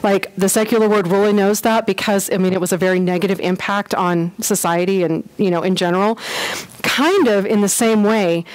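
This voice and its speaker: A woman giving a casual church history class, chatty and animated, with lots of fillers and quick acted-out quotes. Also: medium pitch, low-quality recording.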